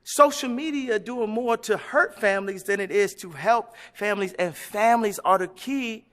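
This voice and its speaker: High, bright-voiced man, preachy and emphatic. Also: normal speed, long reverb tail. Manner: emphatic, preachy, swings between loud outbursts and quiet musing. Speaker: interview guest. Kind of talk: animated interview answers.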